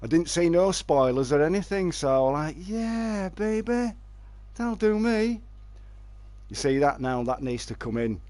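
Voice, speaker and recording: A man's voice: mid-range voice, a little fast, few pauses, a little mellow, no echo. A man streaming a fishing game live, chatting and joking with his viewers and answering their messages.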